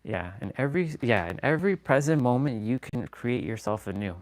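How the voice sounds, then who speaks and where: A man's voice: mid-range voice, expressive, fairly quick, few pauses, soft background music. A man hosting a fitness and motivation livestream, giving an earnest, rambling pep talk while he stretches, often correcting himself mid-sentence.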